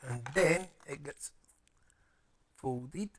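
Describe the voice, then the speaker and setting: A man's voice: on the high side, drawn-out words. A man chatting playfully as he builds a paper model, muttering to himself and making silly sound effects.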